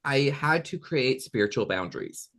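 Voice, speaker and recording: A man's voice: mid-range voice, normal speed. A man in his thirties, a medium talking casually as an interview guest, telling stories and acting out voices. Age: 30s. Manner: animated, acts out voices in anecdotes.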